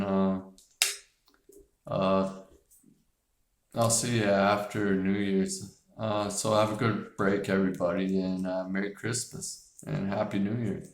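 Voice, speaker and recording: Casual male host, slightly low voice, rambling and profane, recorded in a roomy space. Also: flat delivery, takes it slowly. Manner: rambling, frequent fillers and restarts, casual swearing. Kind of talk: casual movie chat. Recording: echoey room.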